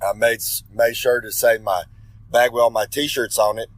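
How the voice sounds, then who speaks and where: In a dry, poor-quality recording, a man with a mid-range, fairly even voice cuts a rambling, swaggering wrestling promo at a moderate pace. He's a pro wrestler doing a regular segment, referring to himself in the third person and correcting himself as he goes.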